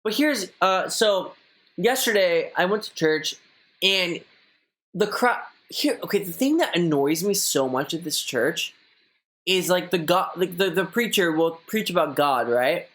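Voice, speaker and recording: A man's voice: high-pitched, expressive, a little slow, a bit bright. A young man streaming, reading viewer messages aloud and chatting casually in a rambling way, full of filler words. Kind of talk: casual live-stream chat.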